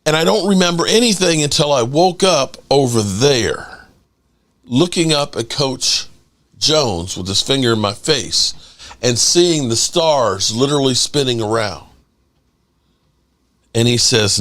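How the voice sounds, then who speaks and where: A middle-aged man hosts a relaxed livestream podcast, animatedly telling a story while acting out quotes and cursing casually. His mid-range voice moves slowly, with frequent pauses.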